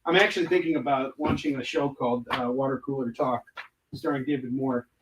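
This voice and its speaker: A man's voice: medium pitch, fairly even intonation, brisk, recorded from a distance, slight background noise. A man casually chatting on a livestream while prepping his stock in a room indoors, rambling and joking with viewers between tasks. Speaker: comic artist livestreaming convention prep. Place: indoor prep room where he packs books.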